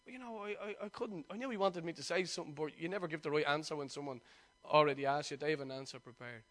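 A man, a pastor preaching a sermon and telling personal stories in a lively, chatty way. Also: fairly high pitch, fast talker. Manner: lively storytelling, chatty and conversational.

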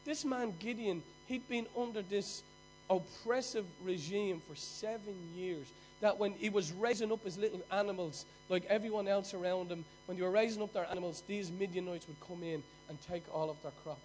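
High-voiced Irish preacher, swinging loud and soft. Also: male voice, fairly even intonation, moderate pace, faint music behind, poor audio. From Ireland. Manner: storytelling with sudden loud bursts and hushed drops. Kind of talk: sermon.

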